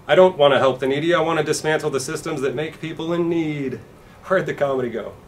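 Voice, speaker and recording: A man doing a stand-up comedy set with a dry, deadpan delivery and acted-out quotes. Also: fairly high pitch, fast, recorded from a distance, slight background noise.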